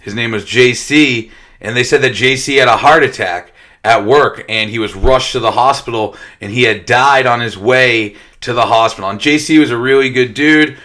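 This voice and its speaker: A man's voice: medium pitch, moderate pace, pushed and bright. A young man telling his own recovery story in a casual, blunt way, swearing constantly as he talks. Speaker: detox center worker sharing his recovery story.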